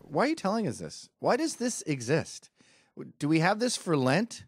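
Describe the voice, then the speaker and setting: A man's voice: fairly high pitch, big pitch swings, moderate pace, breathy edge, no echo. Sarcastic british-born guy mocking a video, voice all over the place, dry sound. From Britain. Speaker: commentator. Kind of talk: comedic rant over a video clip.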